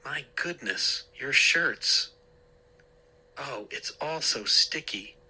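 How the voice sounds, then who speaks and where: A man's voice: medium pitch, animated, drawn-out words, pushed and bright, breathy edge, pitched above the performer's own voice, exaggerated voice, poor audio. A man voicing a stern, exasperated mother who scolds her son firmly. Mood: scolding. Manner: scolding, firm.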